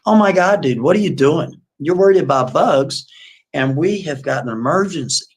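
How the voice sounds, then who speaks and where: A man's voice: high voice, expressive, normal speed, voice pushed up. A man voicing a panicked young woman lost on a snowy camping trip, speaking in an exasperated, incredulous way.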